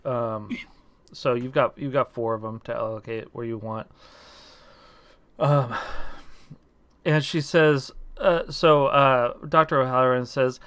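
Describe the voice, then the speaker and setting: A man narrating as game master of a tabletop game, hesitant and full of pauses and restarts. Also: mid-range voice, fairly even intonation, fairly bright tone, clean tone, dry recording.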